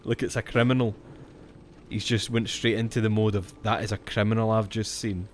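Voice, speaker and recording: A Scottish man with a fairly low voice talks his way through a horror game on stream. He rambles casually, thinks aloud and swears when something startles him. A faint hiss sits under the recording. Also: flat delivery, brisk. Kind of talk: let's-play commentary.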